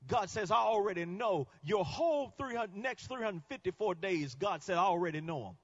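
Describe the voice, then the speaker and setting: A male guest preacher delivering a sermon, swinging between quiet teaching and shouted climaxes. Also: high voice, lively intonation, normal speed, dull audio.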